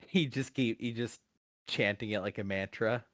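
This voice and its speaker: Male game master, unhurried narration, dry close sound. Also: lowish voice, fairly bright tone, no room sound.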